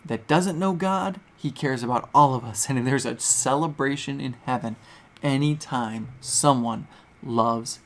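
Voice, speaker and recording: A man hosting a gaming channel, chatting and thinking aloud with many fillers as he sorts through his game. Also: mid-range voice. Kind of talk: gameplay commentary.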